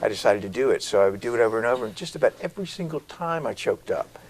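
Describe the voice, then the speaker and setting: Brief: middle-aged male actor, interview guest, expressive storyteller, average pitch. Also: racing, poor audio. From South Carolina. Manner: animated storyteller, varied delivery. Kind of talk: interview conversation.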